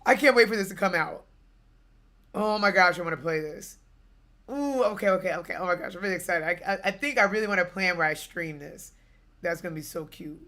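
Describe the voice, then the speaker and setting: A young woman streaming games, telling a family story in a casual, animated way with bursts of laughter. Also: mid-range voice, fairly quick. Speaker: gaming streamer.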